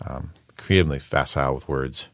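Very deep-voiced man, thoughtful and measured. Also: steady tone, fairly bright tone, no echo. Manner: thoughtful, measured, with frequent ums. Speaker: poetry translator and poet. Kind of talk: interview conversation.

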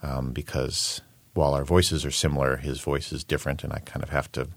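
A man who is a poet and translator, talking in an interview in a thoughtful, measured way with frequent pauses and ums. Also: extremely low pitch, flat delivery, no room sound. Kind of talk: interview conversation.

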